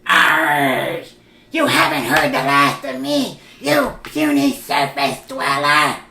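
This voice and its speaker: A man voicing a gruff male villain in a shouted, drawn-out taunt, gravelly and rough. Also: on the high side, big pitch swings, recorded from a distance, a little hiss or hum, full character voice. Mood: gloating. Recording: roomy, off-mic.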